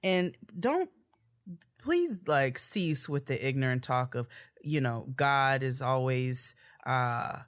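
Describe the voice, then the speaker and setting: A woman's voice: extremely low pitch, lively intonation. A woman co-hosting a podcast, talking in a loose casual way with frequent laughter and restarts. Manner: laughs often, drawn-out casual talk with restarts. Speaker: podcast co-host. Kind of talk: casual chat.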